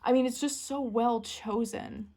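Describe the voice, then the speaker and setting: Bubbly woman chatting fast and gushing, a bit high voice, giggly, close mic. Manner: excitable, gushing, quick bursts with giggles. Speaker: tarot deck reviewer. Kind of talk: casual unboxing chat.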